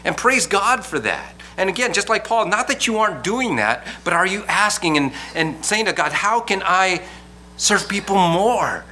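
A male pastor preaching with a bright, forceful voice set a little high. He talks earnestly and keeps circling back to restart his phrases. A faint hum sits under the recording. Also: very animated, moderate pace, hardly any pauses. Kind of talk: sermon.

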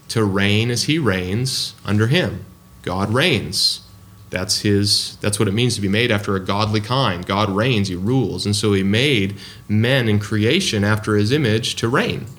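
A man preaching a sermon in a conversational way, with frequent ums and restarts. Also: on the low side.

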